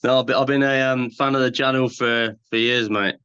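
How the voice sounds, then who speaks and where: A man, speaking at an ordinary mid pitch, joins a chat show as a guest. He chats in a friendly, agreeable way and sometimes hesitates. His voice comes through dull and lo-fi, like online call audio. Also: steady tone, brisk, bright, forceful tone, smooth. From England, Leicester. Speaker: guest, viewer of the channel. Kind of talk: casual chat.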